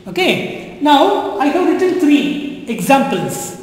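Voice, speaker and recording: A French teacher with a high, lively voice gives a slow, classroom-style language lesson in an echoey room with long reverb. She repeats herself often, coaxing learners to translate.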